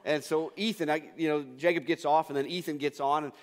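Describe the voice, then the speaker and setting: A man preaching a sermon as pastor, telling stories in a relaxed, casual way and often restarting his sentences. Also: on the high side, a little fast, big-room sound. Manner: casual storytelling with frequent restarts.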